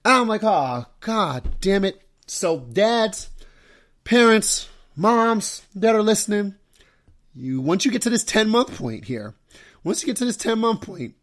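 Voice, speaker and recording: A young adult man hosting a podcast, telling stories about his baby daughter in a casual, animated way. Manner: animated storytelling, mimics his wife and daughter in high voice. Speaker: podcast host. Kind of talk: casual solo podcast talk.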